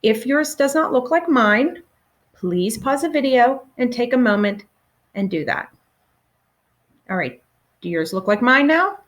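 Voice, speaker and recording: Woman, teacher, children's phonics lesson, patient, encouraging, unhurried. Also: on the high side, animated. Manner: patient, encouraging, pauses for answers.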